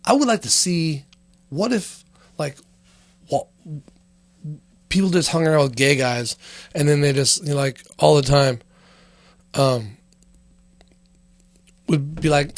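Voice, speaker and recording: A man's voice: fairly high pitch, slow pace, long pauses, dry recording. A man hosting a casual comedy podcast, rambling loosely with lots of fillers and swearing. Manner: rambling, profane, heavy on fillers. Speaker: podcast host.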